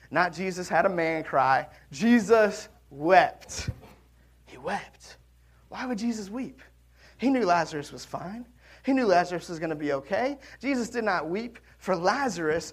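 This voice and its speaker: Male pastor, sermon, gravelly, slightly high, chatty delivery with loud peaks and quiet drops. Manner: conversational, swinging between loud emphasis and quiet drops.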